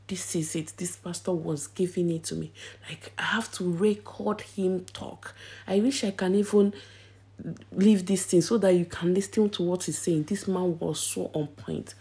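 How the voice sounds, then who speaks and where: A young woman with a Nigerian accent chats to her camera while sitting in a church service. Her voice sits low and sounds warm and mellow. She talks with lively excitement and often drops into a whisper. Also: normal speed. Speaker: vlogger. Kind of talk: casual vlog chat. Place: inside a church.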